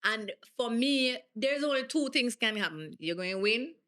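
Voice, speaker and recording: A Jamaican woman speaks as an interview guest with a bright, forceful tone. She tells her story with energy and emphasis, often slipping into patois. She sounds like she is in her thirties. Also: on the high side, moderate pace. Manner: animated, emphatic, slips into patois. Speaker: guest athlete.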